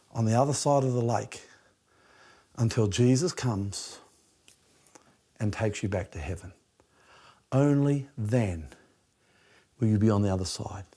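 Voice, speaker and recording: A middle-aged Australian pastor preaches a passionate sermon, shifting from loud emphasis down to hushed near-whispers. His voice is mid-range.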